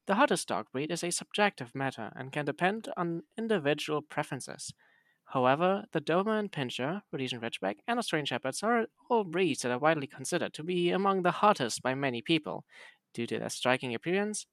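A man's voice: a little high, expressive, a little fast, a bit bright, no room sound. A man, a podcast host chatting casually and playfully reading text aloud.

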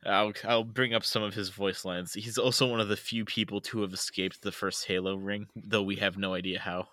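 A man's voice: lowish voice, flat delivery, moderate pace, pushed and bright, no room sound, studio quality. A man co-hosting a casual podcast, laid-back, laughing often and swearing. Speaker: podcast co-host. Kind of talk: casual chat.

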